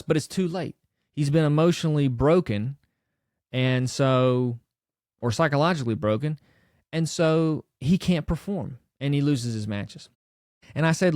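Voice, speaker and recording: A man's voice: mid-range voice, lively intonation, normal speed, a little mellow, no echo, studio quality. A man, a personal trainer and former wrestling coach, telling a personal story in a loose, reflective way with many fillers and restarts. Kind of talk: casual storytelling monologue.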